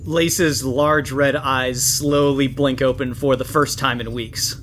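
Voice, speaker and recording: A man's voice: medium pitch, slow, slight background noise. Man narrating as game master. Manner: relaxed, descriptive, chatty narration.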